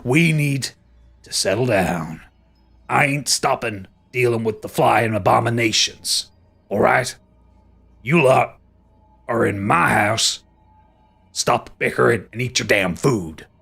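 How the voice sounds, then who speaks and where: A man voicing a blustering, crude male lord in a tabletop role-play, talking in an indignant, rough way. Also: mid-range voice, slow pace, long pauses, fairly bright tone, faint music behind, full character voice. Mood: irritated.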